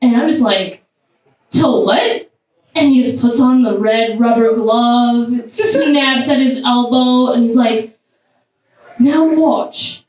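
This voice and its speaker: A woman performing a stand-up comedy set, animated, with sudden high squeals. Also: measured pace. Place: comedy club stage. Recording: echoey club sound from far off.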